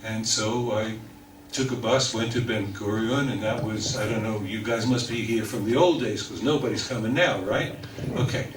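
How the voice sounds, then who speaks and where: Older New Yorker spinning a wry tale. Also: male voice, fairly low pitch, normal speed, a little hiss or hum. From New York. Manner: wry storyteller, mimics voices in quotes. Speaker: speaker telling stories. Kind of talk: humorous anecdote for a live audience. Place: talk hall with audience. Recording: echoey room from far off.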